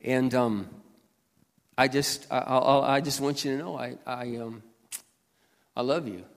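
Guy preaching in a big echoey church, keeps clearing his throat, gets loud and forceful. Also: medium pitch, a little slow. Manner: frequent throat clearing, earnest and personal, rising to forceful emphasis. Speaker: pastor. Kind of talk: sermon. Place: church sanctuary. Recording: long hall reverb.

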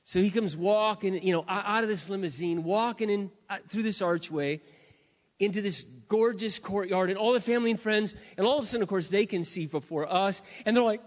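A man preaching a sermon in a lively storytelling style, retelling a scene with dramatic acted quotes. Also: high voice, brisk. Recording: dull lo-fi with long hall reverb.

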